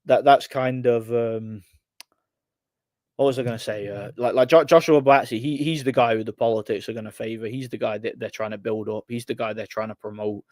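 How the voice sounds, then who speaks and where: A man's voice: mid-range voice, steady tone, a little fast, a little mellow, no echo. A man hosting a casual livestream and answering chat questions, rambling with lots of repeated words and fillers.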